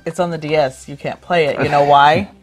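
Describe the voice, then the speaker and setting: Woman in her 30s chatting about thrift finds, kinda low voice, gets excited and cracks jokes. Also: fairly quick, music in the background. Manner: excitable, jokey. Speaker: co-host.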